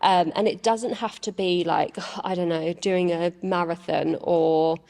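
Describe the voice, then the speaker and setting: A woman with a fairly low voice talks through confidence tips in a chatty, reassuring coaching manner. The recording has a long reverb around her. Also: fairly even intonation, measured pace, gravelly, warm tone. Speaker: podcast co-host, coach. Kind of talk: casual chat.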